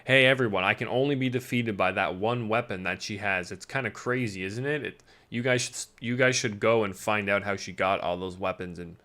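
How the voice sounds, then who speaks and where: A man's voice: on the low side, brisk, hardly any pauses, sharp tone. A man voicing a male monster villain who pretends to panic, talking in exaggerated mock alarm.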